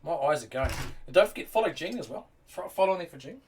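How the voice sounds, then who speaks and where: A man's voice: fairly high pitch, lively intonation, fast talker. A man streaming live, chatting casually with his viewers while he builds, swearing freely and calling people bro and mate. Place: indoors at home during rain. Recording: distant mic with faint background noise.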